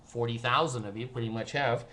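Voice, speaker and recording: A man's voice: mid-range voice, steady tone, brisk, bright, forceful tone, a little hiss or hum. An older retired man talking to his camera in a rambling, sardonic monologue, telling stories and laughing at his own jokes. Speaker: vlogger. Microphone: camera mic.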